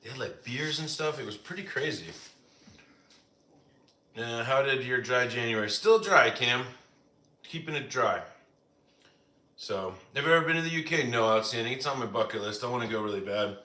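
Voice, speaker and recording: A man's voice: medium pitch, lively intonation, moderate pace, pauses often, pushed and bright, roomy sound. A man hosting a casual live stream from the United States, chatting with viewers and answering their comments, with lots of "like" fillers. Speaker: live-stream cooking host.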